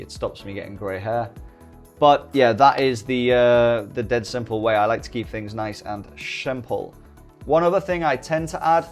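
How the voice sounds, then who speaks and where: A middle-aged British man giving a relaxed software walkthrough tutorial, full of joking, rambling asides. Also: mid-range voice. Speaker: day-trading YouTuber. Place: home desk early morning.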